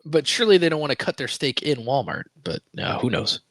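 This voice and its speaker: A man's voice: medium pitch, very animated, a little fast, no echo. A man co-hosting a casual book podcast, making wry jokes. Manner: wry, joking. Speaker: podcast co-host. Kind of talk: casual book-club chat.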